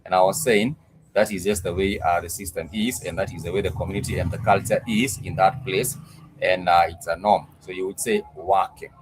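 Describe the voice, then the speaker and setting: Low-voiced male teacher, patient and repetitive, live online lesson, faint room noise. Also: fairly even intonation. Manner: patient, repeats words slowly for learners. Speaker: Swahili teacher.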